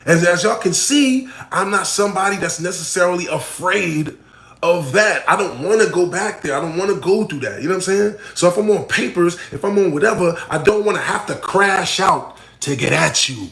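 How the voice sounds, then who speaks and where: A man, a battle rapper, talking casually to camera and answering a fan's question. He is blunt, repeats himself and swings between loud emphatic points and muttered asides. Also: high voice, animated, moderate pace, vocal fry. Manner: blunt, repeats himself, full of "you know what I'm saying" and "right?". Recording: echoey room.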